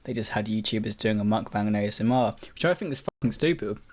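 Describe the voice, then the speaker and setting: A man's voice: lowish voice, fast talker. A young man hosting a podcast, rambling and swearing casually while he eats cookies. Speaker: podcast host. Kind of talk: casual chat.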